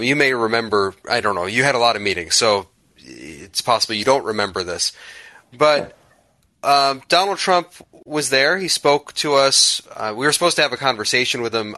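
A man with a bright, forceful voice leads an interview, winding through a long anecdote with plenty of ums and self-corrections. The sound is dry and close. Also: medium pitch, no room sound. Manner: rambling, hesitant, full of fillers. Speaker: podcast host. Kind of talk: conversational interview question.

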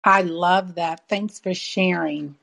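A woman's voice: lowish voice, steady tone, slow pace, vocal fry, a bit bright, a little hiss or hum. A woman hosting a podcast interview, asking questions and thanking listeners in a friendly way. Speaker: podcast host.

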